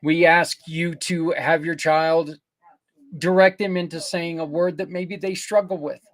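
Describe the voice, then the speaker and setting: An older man hosting a podcast, earnestly pitching community partners in a rambling, casual way with many restarts. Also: steady tone, measured pace. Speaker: podcast host. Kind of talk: casual promotional talk.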